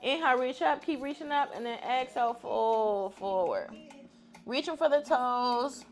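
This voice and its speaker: Over soft background music, a fitness instructor with a fairly high voice leads a stretching class at an unhurried pace. She keeps it upbeat and chatty, laughing often as she talks.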